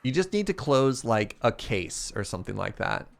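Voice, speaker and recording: A man's voice: medium pitch, big pitch swings, normal speed, vocal fry. A man streamer chatting casually with his chat while playing a game, laughing often.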